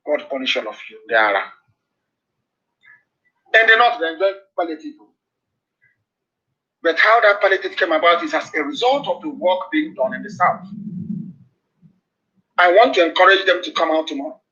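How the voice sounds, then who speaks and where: A man's voice: fairly high pitch, lively intonation, normal speed, pauses often, pushed and bright. A middle-aged man from Nigeria with a Nigerian accent, giving a fiery political address full of impassioned denunciations and repeated warnings. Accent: Nigerian English. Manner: impassioned, denouncing, repetitive warnings. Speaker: activist broadcaster. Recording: dull lo-fi broadcast replay.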